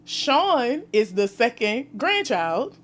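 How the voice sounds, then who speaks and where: Higher-pitched New Orleans woman hosting a podcast. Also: big pitch swings, slow. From New Orleans, USA. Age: 30s. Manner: laughs often, chatty and candid. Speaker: podcast host. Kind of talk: candid podcast conversation.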